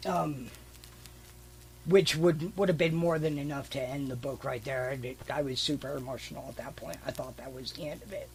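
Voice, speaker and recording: A man's voice: mid-range voice, steady tone, moderate pace, gravelly, slight background noise, poor audio. A man co-hosting a podcast, casually retelling a comic book's story with fillers and the odd swear word. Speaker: podcast co-host. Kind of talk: casual chat.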